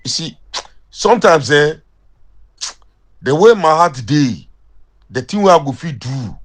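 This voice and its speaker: A young man with a Ghanaian accent speaks in Pidgin English in a heated, confrontational rant. His voice sits high for a man. He jabs his points out like a voice message to a rival. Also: a bit bright. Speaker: caller sending a voice message.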